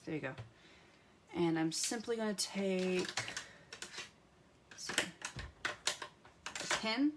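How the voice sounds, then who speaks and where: A woman's voice: medium pitch, slow pace, long pauses, a little hiss or hum. A woman hosting a live craft tutorial, chatting to viewers as she colors and muttering to herself as she picks pens. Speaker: craft demonstrator.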